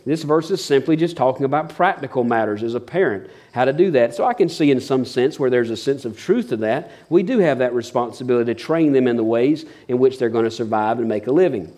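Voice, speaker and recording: A middle-aged pastor preaching a sermon in an earnest tone. His voice sits at a medium pitch, and he often repeats a word as he restarts a thought. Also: fast talker, few pauses, mellow.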